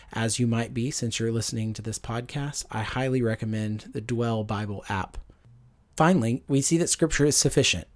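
Man, podcast Bible teacher, measured and earnest, mid-pitched voice, frequent ums. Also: darkish tone.

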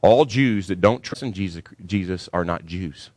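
A male pastor with a lowish voice preaches to his church, emphatic and driving, his voice climbing hard on the points he wants to land. The sound is close and dry, with little room echo. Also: normal speed, darkish tone. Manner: emphatic preaching, rising sharply when stressing a point. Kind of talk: sermon.

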